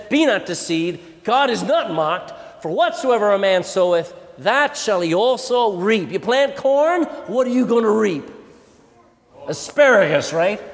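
A man preaching a sermon to children, animated and asking them questions. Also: sits high. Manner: animated, asks the audience questions. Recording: long hall reverb.

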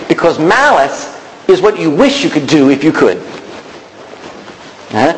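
A man preaching a sermon, animated, calling out to the congregation and acting out quotes. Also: high-pitched, unhurried, long pauses. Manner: animated preaching with calls of "Amen?", acted quotes and shouts. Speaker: pastor. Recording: reverberant hall with faint background noise.

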